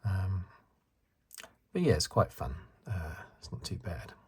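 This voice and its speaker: A man in his fifties from the UK, talking in a soft-spoken ASMR chat, rambling and correcting himself. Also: sits low, expressive, slow, slightly rough. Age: 50s. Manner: rambling, self-correcting, chuckles. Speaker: ASMR channel host.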